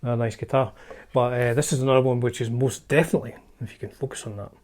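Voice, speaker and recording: A man's voice: medium pitch, steady tone, fast talker, darkish tone. A Scottish man hosting a casual show-and-tell vlog, chatty and wry, often hedging his facts as he talks. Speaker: channel host showing his guitar collection.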